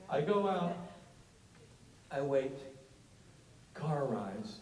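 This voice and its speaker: Dude hosting a con panel, swears, laughs, bouncy voice, roomy hall far away. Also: male voice, a little high, a little fast. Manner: animated, profane, laughing. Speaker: convention panel host. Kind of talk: comedic storytelling on stage. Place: large convention hall.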